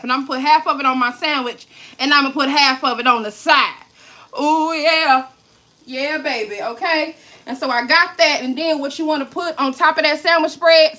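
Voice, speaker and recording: High, bright-voiced woman on a cooking livestream. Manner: chatty, talks straight to viewers; playful, swears and jokes. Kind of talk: casual livestream cooking demo.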